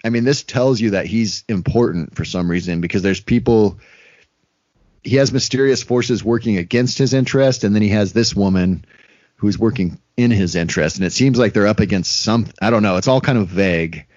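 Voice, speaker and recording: A man's voice: fairly low pitch, fairly quick, darkish tone, dry recording. A man co-hosting a casual podcast, rambling with lots of fillers and acted-out quotes. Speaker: podcast co-host. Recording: dry, dull lo-fi sound.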